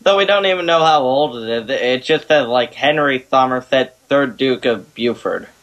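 A man of middle pitch hosts a casual chat show. He reads out trivia with small stumbles and corrections, and he laughs easily between points. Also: normal speed, a bit bright, dull audio. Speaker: podcast host.

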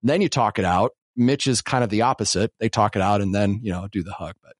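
A man's voice: lowish voice, quick pace, no echo, studio quality. A man in his forties from Western South Dakota, a podcast co-host chatting casually and rambling a little, joking at his own expense. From Western South Dakota, USA. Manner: rambling and self-deprecating, jokes about himself. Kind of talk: casual chat.

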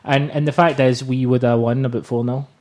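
A man's voice: steady tone, a little fast, darkish tone. Sweary teasing man hosting. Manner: sweary, teasing, jumps into high mock outrage. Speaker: podcast host. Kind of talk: casual chat.

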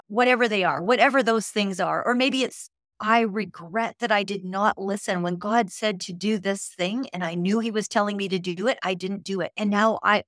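A woman's voice: medium pitch, fairly bright tone, dry recording, studio quality. A woman, a Christian speaker and author, talking earnestly as a guest on a faith podcast and building to emphatic encouragement.

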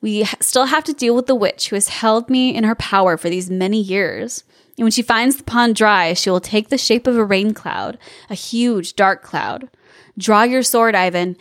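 A woman voicing a calm, resolute young princess giving steady instructions in a storybook reading. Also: medium pitch, no echo, clean studio sound, lightly acted.

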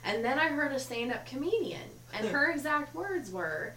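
A woman's voice: high voice, sing-song, moderate pace, few pauses, pushed and bright, echoey room, distant mic, a little hiss or hum, rough recording. A woman from Ohio, a therapist guest, explaining things in an amused, easygoing way. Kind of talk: casual chat.

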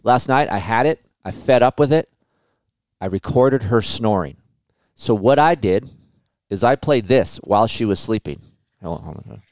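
A man in his forties hosting a podcast, telling stories in a casual, animated way with plenty of swearing. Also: lowish voice, normal speed, dry recording. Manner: animated storytelling with profanity. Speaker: podcast host. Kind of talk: casual chat.

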